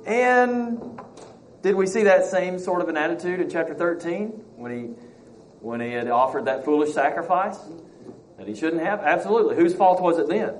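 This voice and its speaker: A man's voice: a little high, a little fast, a little mellow, a little hiss or hum, poor audio. A man teaching a Bible study class, reading passages aloud and asking the class questions. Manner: reads scripture aloud, acts out quotes, asks the class questions.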